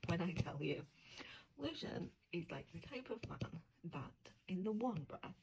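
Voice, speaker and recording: A woman's voice: lowish voice, unhurried, slight background noise, poor audio. A woman book editor in a casual vlog who talks animatedly, swears freely and often drops into whispers. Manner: animated, profane, slips into whispers.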